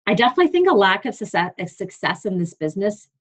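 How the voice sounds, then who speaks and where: A woman's voice: medium pitch, big pitch swings, fast, fairly bright tone, low-quality recording. A young adult woman coach giving an earnest, emphatic motivational talk on a team call, reading from her notes. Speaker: fitness business coach leading a team call.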